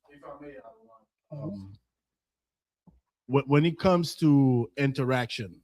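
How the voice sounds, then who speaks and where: A man's voice: medium pitch, animated, slow, a little mellow, no echo. Hesitant man asking a question. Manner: hesitant, polite, many fillers.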